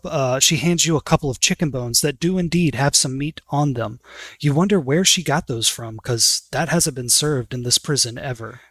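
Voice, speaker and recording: A man's voice: mid-range voice, a bit bright, no echo. A man running a tabletop game as game master, narrating scenes in a casual, descriptive way.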